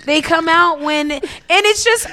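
A woman's voice: extremely high pitch, a little slow, bright, forceful tone, slight background noise. A woman co-hosting a casual podcast chat. She talks frankly and laughs often. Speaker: co-host.

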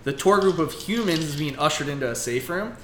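Podcast co-host, man, bright and slightly high voice, rambling comic recap, echoey room. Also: a little fast, slight background noise. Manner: rambling, animated retelling with acted-out quotes. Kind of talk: casual comic book recap.

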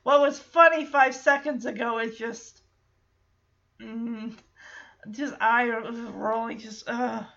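A woman casually recapping a show, animated and often laughing. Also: fairly high pitch, slow, gravelly, lo-fi sound. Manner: animated, laughing, acts out characters.

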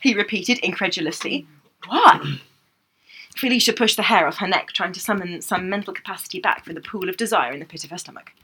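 A woman's voice: lowish voice, fast, few pauses, sharp tone, husky. A woman on a comedy podcast reading a romance novel aloud in a theatrical way, breaking off to laugh and mock the prose.

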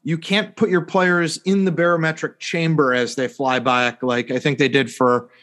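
On a laid-back sports podcast, a male co-host meanders through a sarcastic tale, loaded with filler words and tongue-in-cheek "hypothetically" remarks. He has a fairly high, slightly bright voice, a level tone and a moderate pace.

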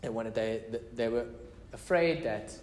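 A man's voice: mid-range voice, unhurried, darkish tone, reverberant, slight background noise. A man preaching a casual, conversational sermon as pastor, mixing prayer, scripture reading and chatty asides.

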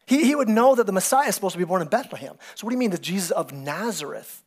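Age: adult. Sex: male. Role: pastor. Style: sermon in a church, conversational and animated, acting out characters. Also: sits high, rapid-fire. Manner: animated storytelling, acting out biblical characters with excited voices; conversational, repeats words and restarts often. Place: church sanctuary.

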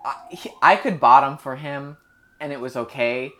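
A man's voice: medium pitch, normal speed, slight background noise. A young man chatting casually, telling a story full of "like" and acted-out quotes. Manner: animated storyteller, heavy filler "like", acts out quotes. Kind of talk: casual chat.

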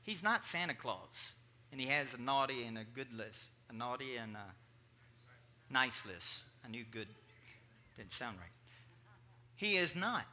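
A man preaching a sermon in a conversational, animated way, breaking off for joking asides to the congregation. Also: mid-range voice, unhurried, long pauses, a little hiss or hum.

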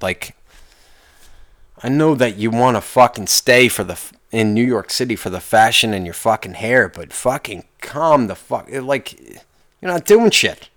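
Gravelly man in a profane ranting podcast. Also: on the low side, a bit bright, no room sound, studio quality. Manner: profane, rambling, restarts often; complaining, exasperated. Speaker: podcast host. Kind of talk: solo podcast rant.

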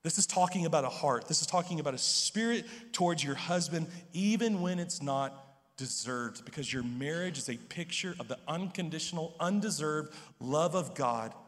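A man's voice: on the high side, lively intonation, moderate pace, fairly bright tone, big-room sound. A pastor preaching an earnest sermon in a church, often repeating words as he starts a thought. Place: church sanctuary.

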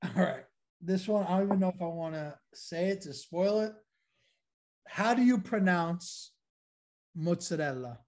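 A man's voice: high-pitched, normal speed, a little mellow. A man interviewing a guest in a friendly, chatty way over a video call.

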